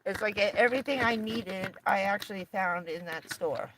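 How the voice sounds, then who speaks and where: A woman's voice: mid-range voice, normal speed, fairly bright tone, a little hiss or hum. A woman livestreaming from inside her camper van, chatting casually and rambling along with lots of fillers and little laughs.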